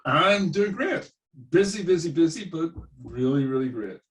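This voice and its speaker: This Irish-born middle-aged musician, speaking in a mid-Atlantic accent with traces of Irish, is a chatty storyteller sharing anecdotes in a relaxed interview. His voice is on the high side with lively intonation at a moderate pace, and the distant recording has poor audio.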